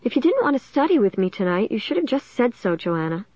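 Woman voicing a shrill, hurt teenage girl. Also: big pitch swings, fast talker, darkish tone, breathy edge, no room sound, muffled recording. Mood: accusing. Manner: shrill and bitter.

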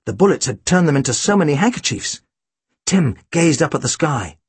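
A man's voice: fairly high pitch, big pitch swings, brisk, breathy edge, no echo. A man reading a first-person storybook aloud with a dry, wry delivery. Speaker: audiobook narrator.

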